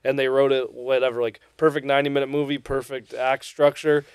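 A man's voice: mid-range voice, level tone, fairly quick, clean tone, no room sound. A man co-hosting a podcast in casual chat, teasing his friends, laughing often and swearing casually. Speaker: podcast co-host.

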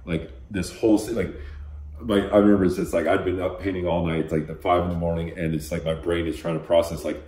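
Casting note: deep-voiced male guest, casual and profane, lots of "like", echoey room. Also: little pitch movement, fast, warm tone. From Los Angeles. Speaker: graffiti artist guest. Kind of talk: casual storytelling interview.

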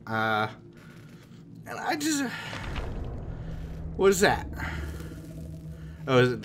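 A man's voice: medium pitch, slight background noise. A young man commenting on his own game as he plays it, easily spooked and breaking into panicky yelps. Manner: jumpy, panicky reactions with sudden yelps. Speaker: gaming channel host. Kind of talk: let's play commentary.

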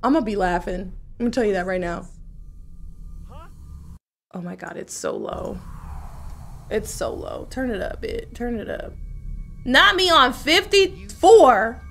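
A woman game streamer chatting casually and excitedly with her live chat while setting up a game. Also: mid-range voice, moderate pace, gravelly, long pauses, soft background music.

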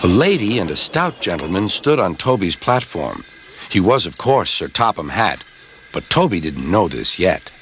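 A man narrating a children's storybook in a measured, expressive manner. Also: low-pitched.

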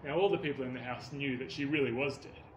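A man narrating a children's story in an earnest, expressive way, lifting his voice on key words. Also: mid-range voice, quick pace, lo-fi sound, noisy background. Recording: echoey room.

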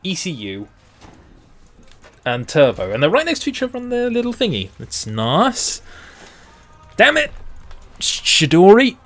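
A young man giving let's play commentary, excitable, swearing at the game and laughing it off. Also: high-pitched, unhurried, long pauses. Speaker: gaming YouTuber.

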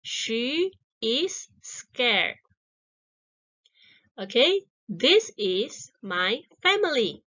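A woman leads a children's English lesson at a very slow pace, saying each word twice. Her voice is high and bright, and her pitch rises and falls a lot as she praises the class. The recording sounds dull and lo-fi. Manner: encouraging, drawn-out words repeated twice. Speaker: teacher.

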